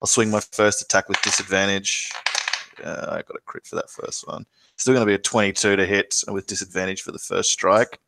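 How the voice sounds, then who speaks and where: A man's voice: sits low, little pitch movement, brisk, vocal fry, a bit bright, a little hiss or hum. A man playing a tabletop game, narrating his character's actions in dramatic first person between dice rolls. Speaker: player.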